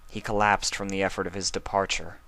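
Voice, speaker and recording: A soft-spoken, protective pony princess of the night, voiced by a man reading a storybook. She talks in an earnest, low and even way. The reading is a fan reading of a story. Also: fairly quick, gravelly, dry recording, full character voice. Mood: worried.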